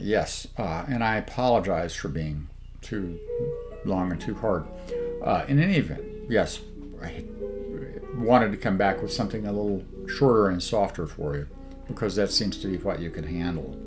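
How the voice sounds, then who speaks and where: A man in his sixties from southeast Missouri, hosting a record review with dry sarcastic jokes and many halting filler sounds. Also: lowish voice. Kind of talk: casual monologue to camera.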